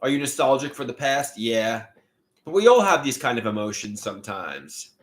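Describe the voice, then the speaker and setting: A man's voice: medium pitch, very animated, moderate pace. Lonely man rambling, pleading, voice leaping. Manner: repeats himself, trails off, bursts into yelling. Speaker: livestreamer. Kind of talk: rambling monologue to camera.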